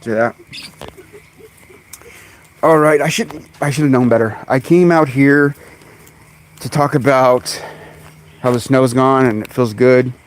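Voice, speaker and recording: A man hosting a casual live stream outdoors among his birds, chatting away and calling to them in high coaxing tones, recorded on a phone. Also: measured pace, pauses often. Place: outdoors in a bird yard on a sunny day. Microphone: phone camera.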